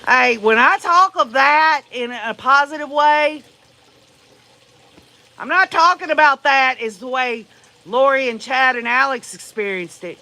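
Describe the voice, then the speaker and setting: A woman's voice: high voice, a little slow, gravelly, pushed and bright. A woman hosting a livestream, giving blunt, profane, emphatic commentary and talking straight to her viewers. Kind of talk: casual true-crime commentary.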